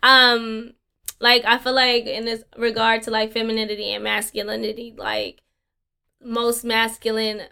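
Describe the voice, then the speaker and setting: A woman's voice: fairly high pitch, a little slow, vocal fry, bright, forceful tone, smooth. A young woman co-hosting a casual podcast, laughing often and talking in a playful way. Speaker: podcast co-host. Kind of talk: casual chat.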